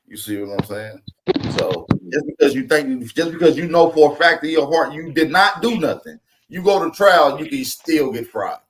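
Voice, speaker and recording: A man's voice: fairly high pitch, expressive, moderate pace, slight background noise. A man hosting a casual panel talk, explaining at length in street slang and often asking whether his listeners follow him.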